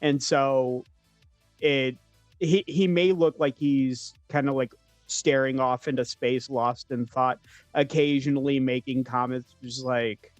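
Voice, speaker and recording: A man's voice: medium pitch, dry recording. A man playing a tabletop game, describing his character hesitantly, searching for words. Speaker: player.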